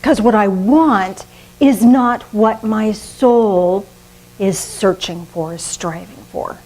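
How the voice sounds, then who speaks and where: An older woman preaching a sermon in a lively, conversational way, often laughing at herself. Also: mid-range voice, slow, gravelly, low-quality recording. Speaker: minister.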